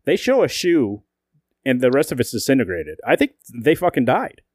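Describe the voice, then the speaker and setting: A man's voice: mid-range voice, moderate pace, no echo, studio quality. A man co-hosting a casual podcast, swearing and laughing as he reads out lines. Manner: profane, laughing, animated when reading quotes. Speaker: podcast co-host.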